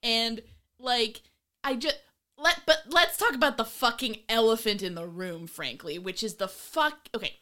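A woman co-hosting a casual film-review chat, venting in an animated, exasperated way and slipping into mocking voices. Her voice sits a little high and sounds bright and tense. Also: unhurried. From of Irish descent. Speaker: podcast co-host.

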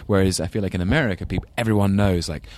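A man with a London English accent and a deep, slightly mellow voice speaks fast in a dry recording. He's a guest in a casual interview chat, thoughtful and rambling, breaking into self-deprecating laughs.

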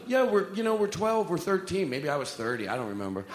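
A man's voice: high-pitched, lively intonation, brisk, over loud music. A man doing a live stand-up set, rambling, swearing and joking with the crowd in a self-mocking way. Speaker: stand-up comedian. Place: comedy club stage. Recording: echoey hall with long reverb.

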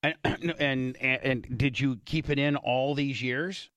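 A man with a medium-pitched voice speaks slowly in a radio studio, with no echo. He hosts an uncensored talk radio show, telling casual stories full of swearing and animatedly acting out the voices of the people in them.

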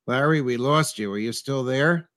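A man's voice: medium pitch, moderate pace, a little hiss or hum. A man hosting an online roundtable, telling anecdotes with energy and putting pointed questions to his guests over a remote call. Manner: storytelling, animated, asks pointed questions. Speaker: show host. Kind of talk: roundtable discussion.

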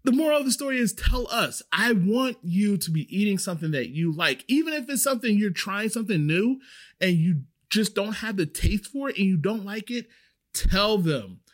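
A man's voice: sits high, animated, moderate pace. A man, a restaurant server giving emphatic, chatty advice straight to the camera. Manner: emphatic, chatty, repeats points for stress. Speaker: restaurant server sharing industry tips. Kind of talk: casual advice monologue.

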